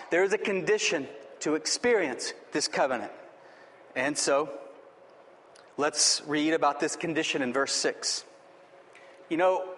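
Male pastor, high voice, emphatic repetitive sermon delivery, long hall reverb. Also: fairly bright tone. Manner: emphatic, repetitive preaching with rising exhortations.

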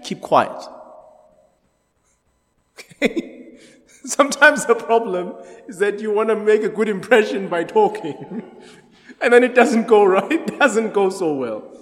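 A man leading an interactive Bible study, chatty, laughing often and quizzing the group. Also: sits high. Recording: echoey hall.

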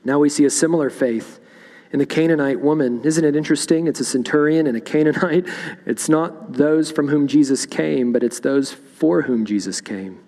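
A man's voice: a little high, normal speed, mellow, big-room sound. A man preaching a sermon in a church, reading scripture aloud and explaining it verse by verse. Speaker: pastor. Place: church sanctuary.

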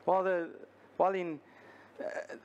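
A male pastor preaching a sermon, earnest and deliberate, repeating his key lines for emphasis. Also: sits high, level tone, darkish tone, clear, resonant tone, muffled recording.

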